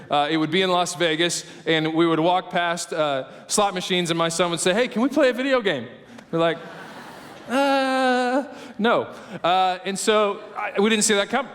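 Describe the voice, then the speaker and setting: Pastor preaching with an animated, high voice. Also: male voice. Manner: conversational, animated storytelling with frequent asides. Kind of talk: sermon. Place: church auditorium. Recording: long hall reverb.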